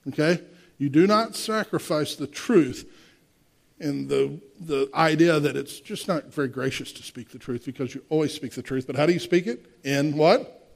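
A man's voice: fairly high pitch, normal speed, gravelly. A man in his sixties preaching a sermon, emphatic, with rhetorical questions and direct asides to the congregation. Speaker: pastor.

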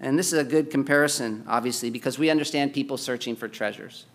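A man preaching a sermon, swinging between loud, pressing exhortation and quiet, low-key storytelling. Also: quick pace. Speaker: pastor.

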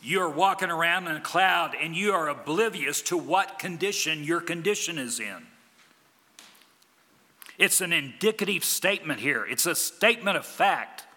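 Bright-voiced man preaching in a hall. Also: a little high, lively intonation, moderate pace. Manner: emphatic preaching with big swings in loudness. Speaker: pastor. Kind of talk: sermon.

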